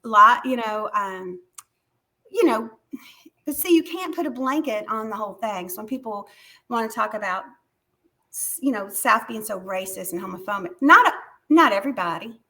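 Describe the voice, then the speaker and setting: A woman author with a Southern American accent, telling stories in a chatty, animated way during a casual interview from her converted barn home over a video call. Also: fairly high pitch, moderate pace. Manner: animated storyteller, chatty with restarts.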